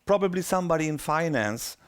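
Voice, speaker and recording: A man's voice: fairly high pitch, brisk, clean tone. A middle-aged man, telling a story in a talk and acting out the voices of people in it. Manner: animated, acts out quoted voices. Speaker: speaker.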